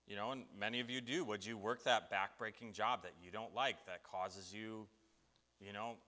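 A man preaching a sermon, telling a Bible story with lively acted-out voices. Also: on the low side, big-room sound. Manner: animated storytelling, acts out biblical voices.

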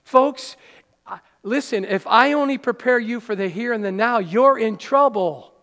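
High-pitched guy preaching to his church, earnest and chatty, big echoey hall. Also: unhurried, fairly bright tone. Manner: earnest, conversational preaching with playful asides to the congregation. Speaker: pastor. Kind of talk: sermon. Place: church sanctuary. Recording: live hall reverb.

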